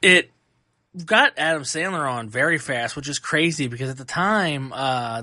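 A man hosting a podcast, giving a casual and animated movie review full of fillers and restarts. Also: mid-range voice, no echo, clean studio sound. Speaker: podcast host.

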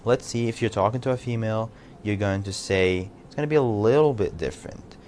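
A man with an Egyptian accent giving a casual podcast language lesson, loosely chatting and repeating phrases slowly for learners. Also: on the low side, a little mellow, a little hiss or hum. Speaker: language teacher.

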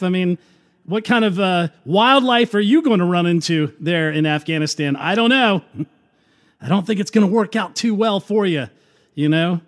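A man hosting political commentary in a sarcastic tone, with laughing asides. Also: high voice. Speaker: commentary host.

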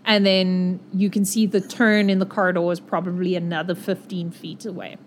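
A woman's voice: on the low side, level tone, normal speed, a little hiss or hum. A woman acting as game master, narrating a tabletop game in a chatty way with many fillers.

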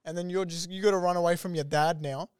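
A man's voice: high-pitched, steady tone, fast talker, a little mellow, clear, resonant tone, dry recording, studio quality. A young man, a podcast co-host, telling blunt, profane stories in casual chat.

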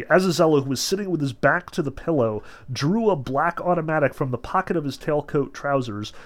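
A man lecturing casually on a novel, reading passages aloud between loose, filler-heavy explanations with animated emphasis. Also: medium pitch. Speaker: literature lecturer.

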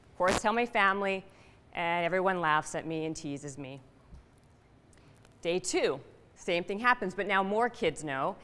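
A middle-aged woman telling a personal story to an audience, animated and punchy, asking the room questions. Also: mid-range voice, smooth. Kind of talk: storytelling talk. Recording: reverberant hall.

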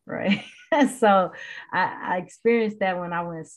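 A woman from Chicago, a podcast guest in casual conversation, animated and quick to laugh. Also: fairly low pitch, dull audio.

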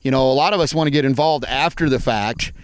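A man's voice: mid-range voice, quick pace, slight background noise. A man, a guest speaker telling stories energetically in conversation and repeating phrases as he goes. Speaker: guest speaker on farm mental health. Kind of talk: animated storytelling in conversation.

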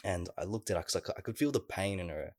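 A man, co-hosting a casual podcast and telling a long story in a lively, filler-heavy way. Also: low voice, fast, no echo, studio quality. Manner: animated storyteller, many fillers. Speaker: podcast co-host.

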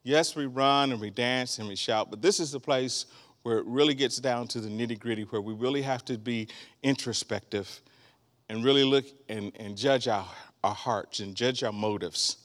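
A man in his sixties preaching a sermon as a guest, animated, breaking into laughter and shouts. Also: mid-range voice, normal speed.

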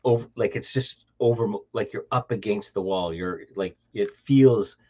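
A man's voice: on the low side, moderate pace, darkish tone. A man with a Canadian accent hosting a casual podcast chat, rambling through restarts and laughing easily. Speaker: podcast host. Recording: dull lo-fi audio.

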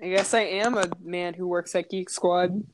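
A woman with a fairly low, steady voice speaks at normal speed against a noisy background. She hosts a casual podcast from a room at home, giggling often, swearing a lot, and rambling from one thought to another.

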